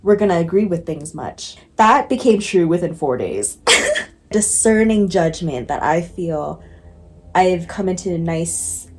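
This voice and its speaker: A woman's voice: lowish voice, a little mellow. A young adult woman talking candidly to the camera in a casual vlog, often laughing, leaning on "like" and swearing casually. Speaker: vlogger. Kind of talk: casual reflective vlog talk.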